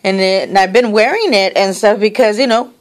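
A woman's voice: mid-range voice, brisk. A woman opening happy mail in a casual vlog, emotional and tearful, gushing and rambling with many restarts.

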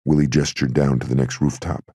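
A man giving steady, gritty scripted narration of an audiobook. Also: a bass voice, fairly quick, breathy edge, no echo, clean studio sound.

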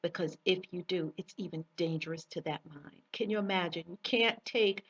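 Female spiritual teacher, husky timbre, emphatic repetitive storyteller, distant muffled mic. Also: lowish voice, normal speed, fairly bright tone. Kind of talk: personal spiritual monologue to camera. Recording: dull distant recording.

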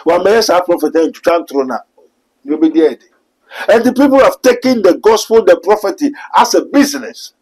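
A man's voice: sits high, animated, brisk, breathy edge, low-quality recording. A Ghanaian man, a self-described spiritual man, answering questions in a fervent preaching manner. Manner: fervent, switches to loud exhortation. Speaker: pastor.

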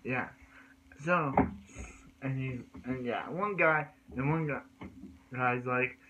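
A man's voice: medium pitch, takes it slowly, pauses often, sharp tone, a little hiss or hum, low-quality recording. A man recapping cartoon episodes in a rambling way, with many restarts and repeated words. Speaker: cartoon reviewer.

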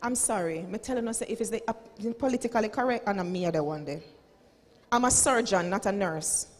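A woman's voice: mid-range voice, fairly quick, long reverb tail. A Jamaican woman in her forties, a school principal giving a dramatic, preachy motivational speech and slipping into Patois. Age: 40s. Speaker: school principal and keynote speaker.

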